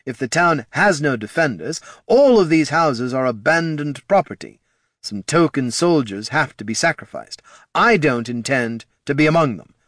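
A man's voice: fairly high pitch, lively intonation, moderate pace, a bit bright, no echo, studio quality, pitched above the performer's own voice. A man voicing a drunk, cynical male knight commander who talks in a sardonic, weary way, in a fantasy audiobook. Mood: snarling.

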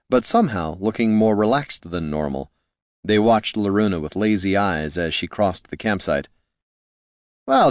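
A man reading fantasy fiction aloud as an audiobook narrator, in a measured storytelling manner. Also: on the low side, no room sound, studio quality.

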